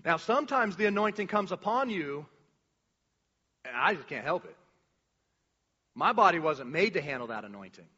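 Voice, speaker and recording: A man preaching a sermon as a pastor, casual and animated, full of slang and restarts. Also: fairly high pitch, moderate pace, long pauses, husky, long reverb tail, muffled recording.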